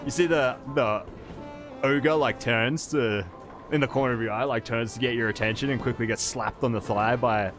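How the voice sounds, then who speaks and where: A man's voice: mid-range voice, moderate pace, music in the background. A man running a tabletop game as game master, narrating with frequent laughs. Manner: laughing, animated storyteller.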